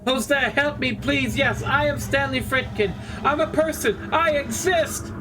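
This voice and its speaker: A tormented human brain sealed inside a machine begs for release in an anguished, pleading voice, as a man puts it on while playing a game. The voice sits very high for a man. A steady noise runs underneath the recording. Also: measured pace, recorded from a distance. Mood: desperate. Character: desperate male human brain trapped in a machine.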